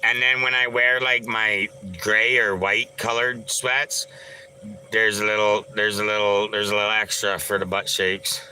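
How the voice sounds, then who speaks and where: A man's voice: on the low side, little pitch movement, unhurried, bright, forceful tone, a little hiss or hum, poor audio. A man hosting a casual livestream, rambling and joking as he greets viewers by name and answers their chat. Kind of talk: casual live-stream chat.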